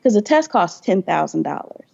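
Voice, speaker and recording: A woman's voice: on the low side, sing-song, normal speed, vocal fry, a little mellow, dull audio. A young adult woman, a podcast guest, telling her story candidly with blunt profanity and acted-out quoted dialogue.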